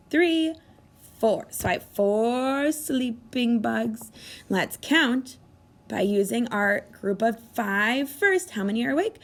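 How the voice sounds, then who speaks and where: A woman teaching a children's math lesson with a bright, high voice. Her pitch leaps and dips constantly in a sing-song way. She sounds full of wonder and keeps asking the children encouraging questions. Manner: animated, sing-song, gasps with exaggerated delight. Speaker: kindergarten teacher.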